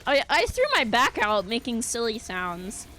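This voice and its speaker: A woman's voice: on the high side, very animated, unhurried, pushed and bright, a little hiss or hum. A young woman streaming a game, chattering playfully to her chat and teammates with silly bits. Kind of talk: casual gaming livestream chatter.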